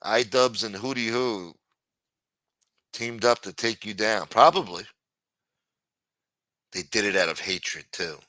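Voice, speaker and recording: A man's voice: fairly low pitch, slow pace, pauses often, bright, forceful tone, no echo. A man hosting a livestream, ranting with frequent swearing and exasperation. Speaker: livestream host.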